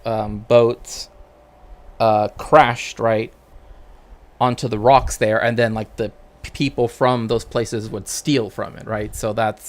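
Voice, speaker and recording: A man streaming as a cultural historian, talking casually and rambling, checking in with tag questions. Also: mid-range voice. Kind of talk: casual livestream chat.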